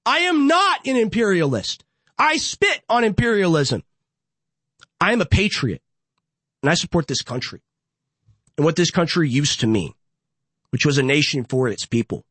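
A man's voice: on the high side, very animated, normal speed, pauses often, fairly bright tone, breathy edge, no room sound. Fiery young man ranting in a dry studio. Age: young adult. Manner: fiery, ranting, repetitive rhetorical build-ups. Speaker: political podcast host. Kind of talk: impassioned political monologue.

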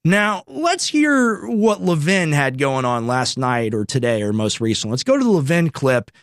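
A man's voice: fairly high pitch, big pitch swings, normal speed, dry recording, clean studio sound. Sarcastic male political commentator. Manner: sarcastic, conversational, reads posts aloud with asides.

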